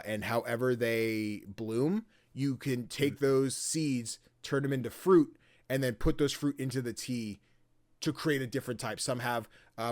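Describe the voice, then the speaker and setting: A man co-hosting a podcast in casual chat, retelling a video game in an animated way and swearing casually. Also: mid-range voice, dry recording, studio quality. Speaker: podcast co-host.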